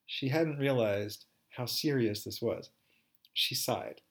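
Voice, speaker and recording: A man's voice: mid-range voice, takes it slowly. A man telling a first-person story aloud in a wry, candid, conversational way.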